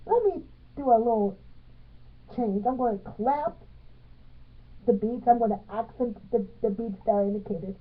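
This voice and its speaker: A woman teaching a music theory lesson, speaking in halting phrases and counting beats aloud with stress on the accented ones. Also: on the high side. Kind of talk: piano music theory tutorial. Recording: tinny phone-like sound.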